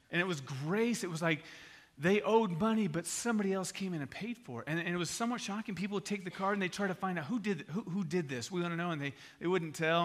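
Bright-voiced male pastor preaching. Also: high voice. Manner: animated storyteller, shifts between loud excitement and hushed earnest appeal. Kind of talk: sermon with storytelling.

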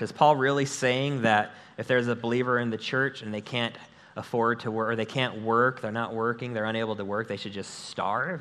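A man with a mid-range voice preaches a sermon as his church's pastor, speaking into a stage microphone. He keeps it energetic and conversational, trading jokes with the congregation.

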